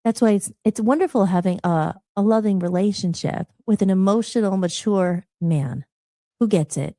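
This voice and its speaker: A woman's voice: medium pitch, normal speed, dark tone, no room sound, clean studio sound. A woman hosting a live podcast, chatting casually and openly, rambling and often restarting her sentences. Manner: rambling, chatty, self-interrupting. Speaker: podcast host. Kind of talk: casual live-show chat.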